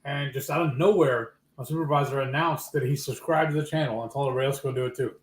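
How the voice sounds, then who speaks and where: A man's voice: mid-range voice, steady tone, very fast. Male co-host, laid-back and dry, echoey room, faint background noise. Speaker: cooking show co-host. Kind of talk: live-stream cooking chat.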